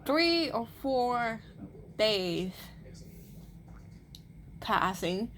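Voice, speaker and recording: Young adult woman, casual personal storytime; slow, slightly high-pitched, loose rambling delivery full of restarts. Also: fairly bright tone, slight background noise. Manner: rambling, with many restarts and repeated words.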